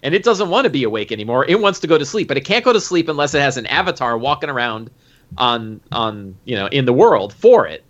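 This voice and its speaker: A man who runs a tabletop game, recapping a session in casual, animated chat with lots of fillers. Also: medium pitch, a little fast. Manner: animated, full of fillers and acted quotes. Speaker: game master. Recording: dull lo-fi recording.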